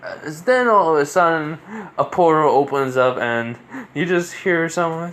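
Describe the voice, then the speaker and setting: A man's voice: fairly high pitch, lively intonation, normal speed, a bit bright. A man casually improvising a fan story, rambling and restarting his sentences often. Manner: rambling, many fillers and restarts.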